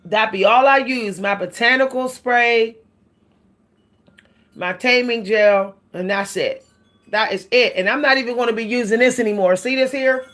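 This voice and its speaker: A woman's voice: a little high, unhurried, fairly bright tone, soft background music. A woman vlogging about hair care in a casual, chatty way, laughing often and calling her viewers "y'all.". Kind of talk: casual chat to camera.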